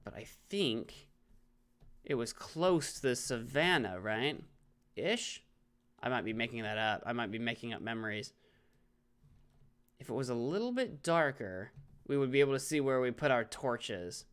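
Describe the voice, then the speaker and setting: Lively intonation and frequent pauses mark this man's mid-range, moderately paced delivery, and his tone is smooth and fairly bright. He's live-streaming, chatting about his own gameplay with viewers, teasing himself, and reading chat aloud.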